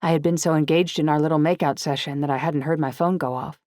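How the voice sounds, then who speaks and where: Female audiobook narrator, low and dry, steady first-person read. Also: fast, no echo.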